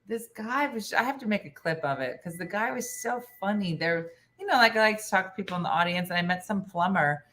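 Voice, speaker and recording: A woman comedian hosting a casual baking chat in a home kitchen, telling stories with animated impressions of her friends. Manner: animated, does loud shrill impressions of friends. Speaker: comedian and host. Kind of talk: casual storytelling while baking.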